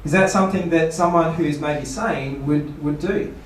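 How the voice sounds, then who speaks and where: A man's voice: a little high, normal speed, a little hiss or hum. A man, a pastor giving a seminar talk, asking rhetorical questions and playfully mock-quoting people. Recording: echoey room, voice from far off.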